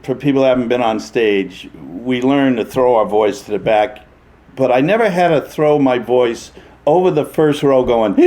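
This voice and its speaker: A man's voice: medium pitch, moderate pace, a little hiss or hum. An older man telling theatre anecdotes as an interview guest, acting out other people's voices and laughing often. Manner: animated raconteur, acts out voices, laughs often. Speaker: interview guest, veteran stage actor. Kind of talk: anecdotal storytelling.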